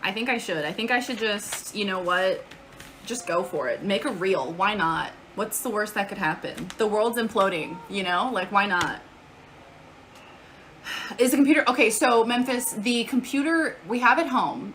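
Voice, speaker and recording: A woman's voice: medium pitch, a bit bright, a little hiss or hum. A woman streaming from home in casual live-stream chat, chatty, swearing casually and answering chat aloud.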